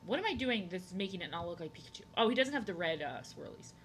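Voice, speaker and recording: A young woman with a bright, sharp voice chats casually while drawing on a live stream. She rambles, doubles back on her words and fills her talk with "like" and "you know". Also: fairly low pitch, very animated, fast talker, slight background noise. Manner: rambling, repeats phrases, many fillers. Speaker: art streamer.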